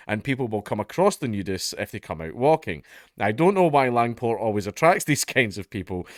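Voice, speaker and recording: A man's voice: medium pitch, no echo, clean studio sound. A man with a Scottish accent giving casual, sardonic commentary on a news story, swearing and laughing at his own jokes. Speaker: commentary vlogger.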